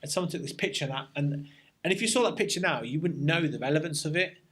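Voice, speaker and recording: Army veteran, reflective storyteller. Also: male voice, a little high, a bit bright, husky. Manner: reflective, army slang, halting restarts. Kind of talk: casual interview storytelling.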